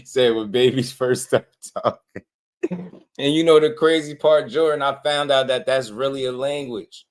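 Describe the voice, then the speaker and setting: A man's voice: mid-range voice, unhurried. Laid-back man riffing on clips. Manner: slangy, laughing, rambling. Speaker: boxing channel host. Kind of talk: casual reaction commentary.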